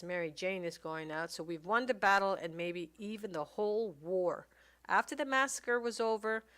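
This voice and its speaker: Woman gaming commentator with a mid-range voice, casually reading out game text and musing aloud with frequent hesitations. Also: mid-range voice. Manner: reads game text aloud and thinks out loud, hesitant with many fillers. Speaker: let's play commentator.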